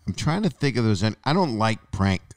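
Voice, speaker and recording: A man hosting a casual chat, breaking in with quick questions and wry asides. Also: on the low side, sing-song. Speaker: podcast host.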